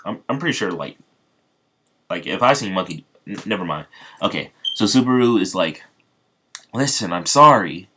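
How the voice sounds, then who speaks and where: A man's voice: low-pitched, expressive, normal speed, a bit bright, husky. A man casually retelling an improvised fan story, rambling with many fillers and restarts.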